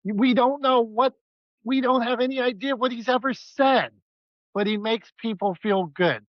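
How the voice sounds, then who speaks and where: Man, high voice, playful banter, podcast co-host, dry dull lo-fi sound. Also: measured pace, no room sound. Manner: playful, self-mocking joking.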